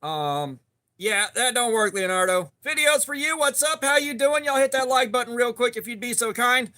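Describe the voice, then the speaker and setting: A man with a drawl hosts a casual live stream, chatting easily and greeting viewers by name. His voice sits unusually high and sounds bright and forceful. He keeps a laid-back, friendly pace. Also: animated, normal speed. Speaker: livestream host.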